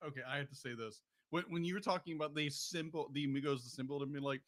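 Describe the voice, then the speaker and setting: A man co-hosting a podcast in casual chat, excitable and quick to laugh. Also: fairly high pitch. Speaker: podcast co-host.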